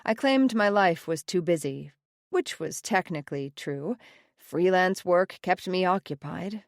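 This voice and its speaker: A woman's voice: fairly low pitch, animated, measured pace, no echo, studio quality. A woman narrating a romance audiobook in the first person, with a wry, sardonic edge. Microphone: close studio mic, dry.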